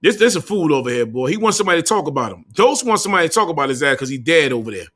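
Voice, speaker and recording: Young male livestream host, bright forceful tone, slightly higher voice, loose slangy banter. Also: big pitch swings, very fast. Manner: loose slangy banter, swearing, calling out to viewers. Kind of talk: casual livestream chat.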